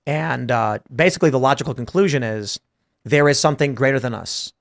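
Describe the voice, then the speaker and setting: A man's voice: mid-range voice, fairly quick, creaky. Man telling a story on a talk show. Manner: storytelling, acting out both sides of a conversation; thinking aloud through abstract ideas. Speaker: podcast host. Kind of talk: casual panel talk.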